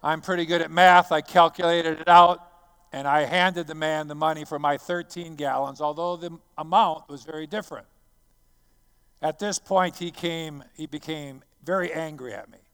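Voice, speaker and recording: A man who is a missionary preacher, telling a personal story as a sermon. He talks dramatically, swinging from hushed to loud. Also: a little high, fairly even intonation, moderate pace, smooth.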